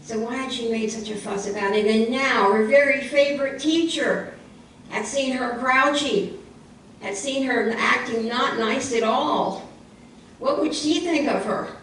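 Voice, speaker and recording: A woman tells a children's story at church, lively and expressive, repeating key lines. She is far from the mic in a very echoey room, with a faint hiss under her voice. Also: on the high side, a little slow. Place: church hall.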